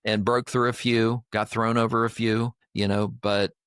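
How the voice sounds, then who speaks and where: A man's voice: fairly low pitch, level tone, normal speed, a bit bright, clear, resonant tone, dry recording, studio quality. An older man co-hosting a podcast, telling a personal faith story in an earnest, emotional way. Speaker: podcast co-host. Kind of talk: heartfelt storytelling chat.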